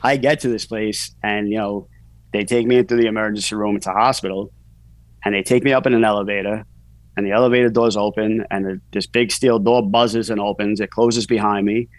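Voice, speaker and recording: A man's voice: lowish voice, steady tone, a little fast, no echo, low-quality recording. A man, a podcast guest telling his story candidly in casual talk, full of "you know" fillers. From New York.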